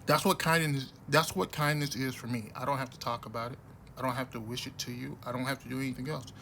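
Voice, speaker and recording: Blunt rambling man with a bright voice. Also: mid-range voice, fairly even intonation, fast talker, vocal fry, slight background noise. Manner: blunt, rambling, many restarts. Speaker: vlogger. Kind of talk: casual monologue to camera.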